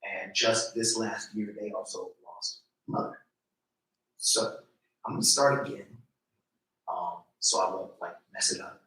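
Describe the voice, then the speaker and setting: A man giving a slow, deliberate, rhythmic live poetry reading. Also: lowish voice, steady tone, pushed and bright. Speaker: poet reading his work. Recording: very echoey room, voice from far off.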